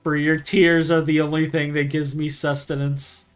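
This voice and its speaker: A man playing a cruel, gloating villain who relishes a friend's despair, delivering slow, mock-theatrical lines. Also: fairly high pitch, flat delivery, clean tone, faint music behind, lightly acted. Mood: mock menacing.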